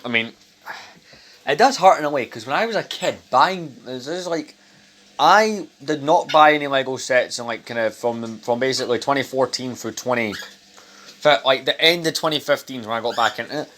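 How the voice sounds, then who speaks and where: Over dinner at home, a young man talks to his camera casually, rambling, speaking bluntly, and swearing. He has a mid-range, a bit bright voice and speaks at a moderate pace.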